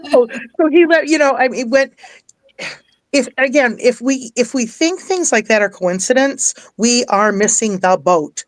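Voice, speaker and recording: A woman tells a heartfelt personal story in an earnest, animated way, laughing often and repeating phrases for emphasis. She sounds close to tears at times. Her voice sits at an ordinary pitch, and the recording is dry and close. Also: measured pace, dry recording. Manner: emotional, near tears at times. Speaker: guest, life coach and minister.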